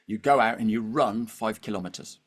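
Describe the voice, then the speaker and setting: A middle-aged man, appearing as a podcast guest, tells a story with lots of animation. His voice sits fairly low and moves along fairly quickly, and he keeps checking in with his listener by asking "okay?" and "all right?"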